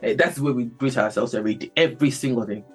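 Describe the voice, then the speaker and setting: A woman hosting a casual podcast chat, animated and quick to laugh, often repeating her words. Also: rumbling low, breathy edge, faint music behind. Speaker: podcast host.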